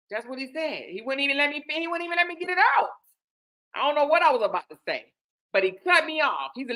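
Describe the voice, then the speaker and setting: A woman hosting her own show, telling a personal story in an animated way and speaking straight to her listeners. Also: a little high, moderate pace. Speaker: host.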